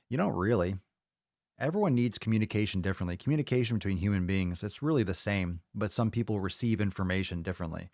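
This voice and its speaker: A man's voice: fairly low pitch, fast talker, a little mellow, dry recording, studio quality. A man hosting a fitness podcast in casual chat, ranting bluntly and swearing often. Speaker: podcast host.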